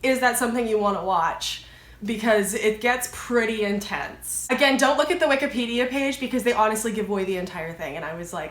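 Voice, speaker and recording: A woman's voice: medium pitch, fairly quick, fairly bright tone. Chatty young woman in an echoey room. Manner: chatty, rambling, heavy on filler words. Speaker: vlogger. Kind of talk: casual movie review talk.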